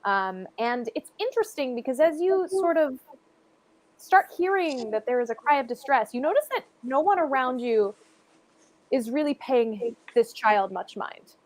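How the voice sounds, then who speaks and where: High-pitched woman running a tabletop game, chatty and loose, full of fillers. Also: expressive, moderate pace, darkish tone. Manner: rambling, loose, many fillers. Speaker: game master.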